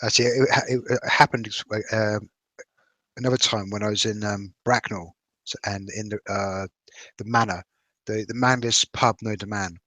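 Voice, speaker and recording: A man's voice: fairly low pitch, fairly even intonation, normal speed, sharp tone, dry recording. A man with an English accent that slips toward cockney, telling rambling, self-mocking stories in a casual chat. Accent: English, drifts cockney. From England. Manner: rambling storyteller, self-mocking, stumbles and restarts.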